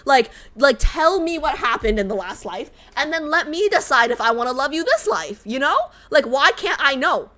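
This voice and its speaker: A woman streaming a casual reaction chat with a fairly high voice. She talks in an animated, emphatic way, repeating words for stress. She swears freely. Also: normal speed, few pauses.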